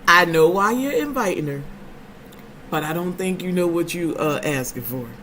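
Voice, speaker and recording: A woman's voice: lowish voice, expressive, moderate pace, fairly bright tone, slight background noise, poor audio. A woman hosting a casual vlog chat, telling stories to her viewers in a playful, emphatic way. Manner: chatty storyteller, playful and emphatic. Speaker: vlogger host.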